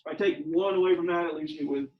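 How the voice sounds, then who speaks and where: A male teacher lecturing a classroom in an animated, joking manner. His delivery swings between quick asides and loud, emphatic pushes. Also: fairly high pitch, highs cut off. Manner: animated, joking, rising to near-shouting. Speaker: high school geometry teacher.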